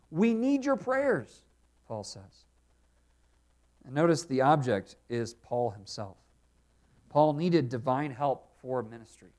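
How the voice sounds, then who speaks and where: A male pastor preaching an earnest expository sermon, dropping quiet when voicing prayers. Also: on the high side.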